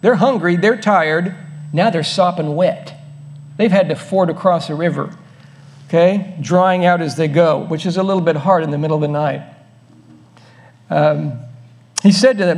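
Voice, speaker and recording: High-voiced man preaching conversationally. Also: moderate pace, pauses often, darkish tone. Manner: conversational, folksy preaching with asides to the congregation. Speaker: pastor. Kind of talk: sermon.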